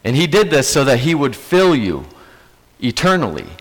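A man's voice: mid-range voice, wildly swooping pitch, moderate pace, big-room sound, rough recording. A man preaching a sermon as a pastor, earnest and emphatic, repeating key phrases to drive them home.

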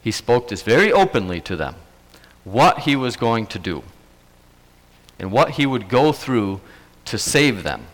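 A man preaching with slow, measured delivery and an earnest, emphatic tone that leans on repetition. His voice sits at an ordinary pitch. It rings out with a long reverb, as if he is speaking in a large hall. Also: sing-song, fairly bright tone. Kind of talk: sermon.

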